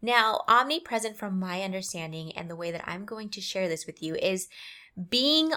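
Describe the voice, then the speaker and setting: An upbeat woman in her thirties hosts her own podcast, chatting freely and stopping to correct herself mid-sentence. Her pitch sits in an ordinary middle range for a woman. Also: animated, moderate pace, bright, forceful tone. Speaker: podcast host. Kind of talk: casual solo podcast talk.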